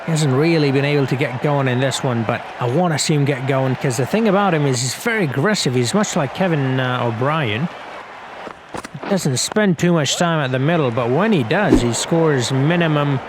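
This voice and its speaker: A man's voice: mid-range voice, normal speed, noisy background. A young man giving chatty, self-mocking commentary over a cricket video game, laughing often. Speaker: gaming commentator.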